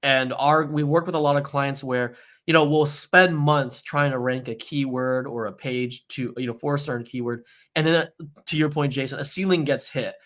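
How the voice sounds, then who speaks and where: A man's voice: mid-range voice, steady tone, moderate pace, a bit bright. A man who is a guest on a podcast, speaking casually with many "like" and "you know" fillers. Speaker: agency owner, guest. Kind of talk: conversational interview.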